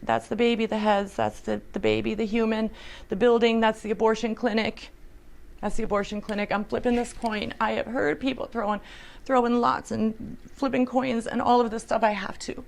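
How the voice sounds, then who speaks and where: A woman's voice: fairly high pitch, flat delivery, normal speed, creaky. A woman telling an earnest, emotional personal testimony, sometimes dropping to a whisper. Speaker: storyteller.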